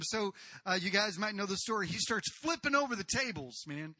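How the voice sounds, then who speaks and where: Animated, bright-voiced male preacher. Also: high-pitched, a little fast, no echo. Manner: animated storytelling with shouted acted outbursts; casual, conversational preaching with asides to the congregation. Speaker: pastor. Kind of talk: sermon.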